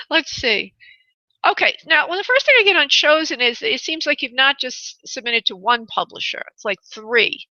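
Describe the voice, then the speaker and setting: A woman from New York with a New York accent, hosting a live call-in radio show as a psychic medium, chatty and pausing to consult spirit. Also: high-pitched, expressive, sharp tone, dry recording, lo-fi sound. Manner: chatty, pauses to consult spirit, laughs easily.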